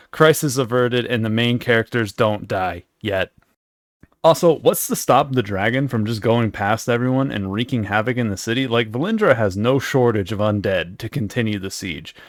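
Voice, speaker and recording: A man's voice: on the low side, no room sound, studio quality. A young man making a comedic recap, sarcastic and profane, who keeps drifting into rambling asides. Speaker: video creator.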